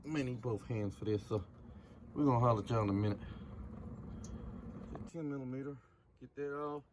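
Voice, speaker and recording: A man talks through a car repair in a loose, profane way, laying on the sarcasm as he goes. His pitch sits in an ordinary middle range. Faint background noise from the work area hangs behind him. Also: brisk. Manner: profane, sarcastic, laid-back. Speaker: DIY car repair vlogger. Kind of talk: casual how-to narration. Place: garage or driveway, working on a car.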